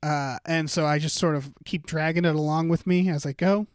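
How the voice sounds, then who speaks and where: A man co-hosting a podcast improvises a comedic story as part of a storytelling game, rambling and hesitating, heavy on filler words. His voice is on the high side, clear and resonant, fairly even in intonation and a little fast, in a dry, clean studio recording.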